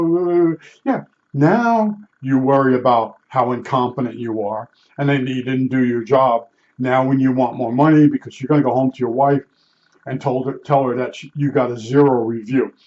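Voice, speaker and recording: An older man from New Jersey rambles through stories from his working years in a blunt, salty way, often restarting his sentences. His voice sits at an ordinary middle pitch. The recording sounds a bit dull and lo-fi. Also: darkish tone. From Newark, New Jersey. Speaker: vlogger recalling his work as a meter calibrator. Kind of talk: rambling casual storytelling.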